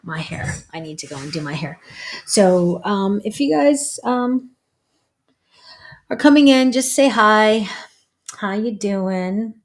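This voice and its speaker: A woman's voice: medium pitch, expressive, takes it slowly, long pauses. A woman, a psychic medium, hosting a casual livestream in a chatty, rambling way and greeting viewers by name.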